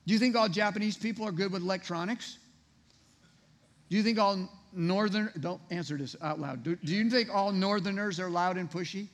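A pastor with a high-sitting voice preaches briskly in a conversational style, peppering his congregation with rhetorical questions. The recording echoes through the church sanctuary like a large hall.

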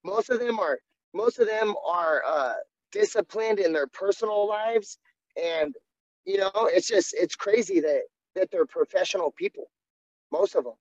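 A man's voice: sits high, animated, a little slow, dry recording. A man, a jiu-jitsu coach, talking candidly and earnestly in a casual interview, often restarting his sentences. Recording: dull, dry sound.

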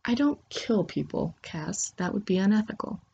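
A woman's voice: mid-range voice, expressive, normal speed, gravelly, dark tone, husky, dull audio, heavily acted. A woman voicing a prim, exasperated woman fighter who refuses to kill, with a huffy, fussy manner. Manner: huffy and fussy, then mild.

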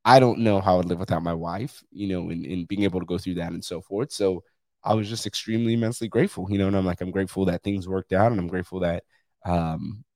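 Blunt, profane man with a deep voice. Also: fairly even intonation, quick pace, warm tone, no echo. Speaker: podcast host. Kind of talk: candid solo podcast monologue.

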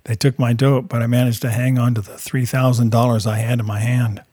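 A man narrating his own life story as a first-person testimony, in a plain, steady storytelling manner. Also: mid-range voice, fairly quick, no echo, studio quality.

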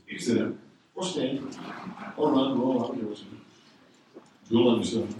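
A man preaching a sermon, telling a story and building to loud shouted exhortation. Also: mid-range voice, unhurried, long pauses, background noise. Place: church sanctuary. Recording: echoey room, speaker far from the mic.

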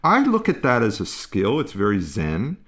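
A man explaining parenting ideas in a calm, musing way, pausing and restarting as he thinks. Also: fairly low pitch. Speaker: parenting expert guest. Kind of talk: conversational explanation.

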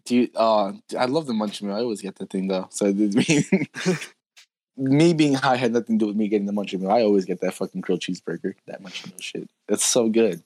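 A man's voice: on the low side, fast, a little mellow, no echo. Laid-back young man, laughing as he talks. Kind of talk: casual chat.

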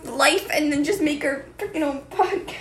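Very high-pitched giggly teen girl. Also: moderate pace, fairly bright tone. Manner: giggly, emotional, says freaking a lot. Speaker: podcast co-host. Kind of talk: casual chat.

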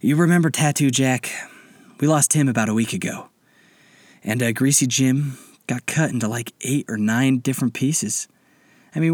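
A man's voice: mid-range voice, a little mellow, no echo, voice pushed up, natural voice. A man voicing a weary old pirate who speaks bluntly and complains to his captain, in a storybook reading. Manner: plain-spoken, complaining, pleading.

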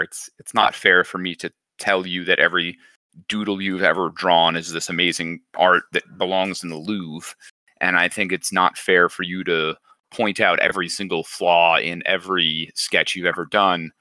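A man's voice: sits low, sharp tone, no echo. A man hosting a casual chat, talking in a reflective, encouraging way. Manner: reflective, encouraging, thinks aloud.

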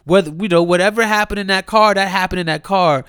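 A young man tears through a profane comedic rant, his voice sitting a little high. He swings from sudden loud outbursts to sarcastic mutters. The sound is close and dry, with no room around it. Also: quick pace, clean tone, no room sound. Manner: heated, mocking, swinging between loud outbursts and muttered asides. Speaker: commentator.

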